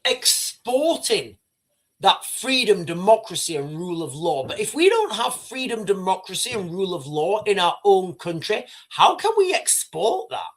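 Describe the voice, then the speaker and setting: A British man hosting a livestream, rambling and animated as he talks straight to his viewers. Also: high voice, moderate pace. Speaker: livestream host. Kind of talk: casual live commentary.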